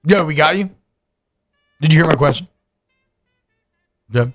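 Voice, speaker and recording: A man co-hosting a sports radio show, chatting loosely and joking, then reading a sponsor ad with quick repeats. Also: on the high side, a bit bright. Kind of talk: casual radio chat and live ad read.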